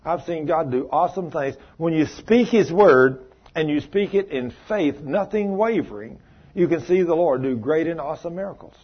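A man's voice: fairly high pitch, lively intonation, normal speed, breathy edge, muffled recording. A man preaching a fervent sermon in a church, mixing stories with scripture reading. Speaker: pastor.

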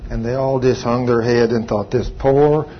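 An older man preaching a sermon, telling a testimony with emphatic, drawn-out phrases. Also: medium pitch, steady tone. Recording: slightly dull sound, faint background hum.

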